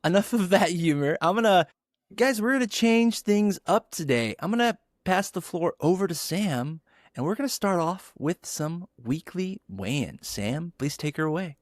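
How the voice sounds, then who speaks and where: A man hosting a casual podcast, telling stories with lively acted-out quotes. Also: high-pitched, moderate pace, no echo, studio quality. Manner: animated storyteller, acts out quotes. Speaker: podcast host.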